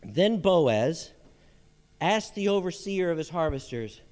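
A man preaches a lively sermon as pastor, and he jumps into the voices of the people in his story. His voice sits fairly high. A long hall reverb trails each phrase. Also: slow pace. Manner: animated preaching, acts out quoted voices.

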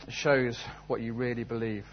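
A man's voice: medium pitch, flat delivery, normal speed, lo-fi sound, slight background noise. A man preaching a sermon, telling a story and then asking earnest, searching questions. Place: church service.

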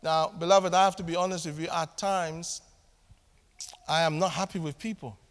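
A man preaching a sermon to his church, animated and acting out little family scenes as he talks. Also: fairly high pitch, normal speed. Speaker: pastor. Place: church hall. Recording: long hall reverb.

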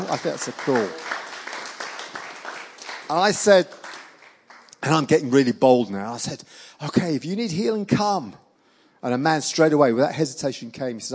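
A middle-aged man preaching, telling healing stories with lively acted-out quotes. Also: mid-range voice, brisk, long pauses, slightly rough, some chatter behind. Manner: animated storyteller acting out quoted voices. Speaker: evangelist preacher. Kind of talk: sermon storytelling.

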